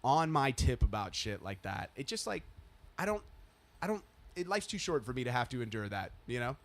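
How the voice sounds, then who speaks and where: A man in his thirties, a podcast co-host telling a story in casual chat, swearing freely and loudly acting out the people in it. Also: medium pitch, very animated, brisk. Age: 30s.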